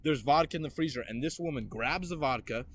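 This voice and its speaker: A man's voice: a little high, quick pace, over a noisy crowd. A young man hosting a podcast, telling a story casually and laughing as he acts out quotes. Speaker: podcast host.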